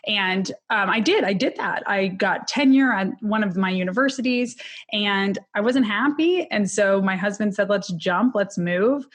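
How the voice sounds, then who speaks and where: Brief: woman guest, mid-pitched voice, candid and emotional personal storytelling. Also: unhurried. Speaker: podcast guest, criminologist.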